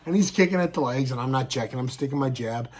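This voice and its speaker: A man's voice: medium pitch, fast talker. A man in his thirties with a scratchy throat, casually telling fight stories to camera and punctuating them with sound effects. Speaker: show host and pro fighter.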